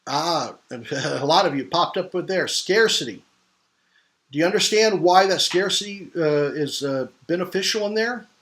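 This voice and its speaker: Middle-aged male marketing trainer, somewhat high-pitched, emphatic and questioning, loose live-class delivery. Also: animated, measured pace, a bit bright. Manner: emphatic, questioning the audience, many restarts.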